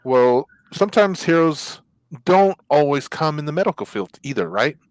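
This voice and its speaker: A man's voice: on the high side, moderate pace, no room sound, poor audio. A man co-hosting a talk show, telling a personal story in casual chat and acting out the people in it. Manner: animated storyteller acting out quoted dialogue. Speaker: co-host.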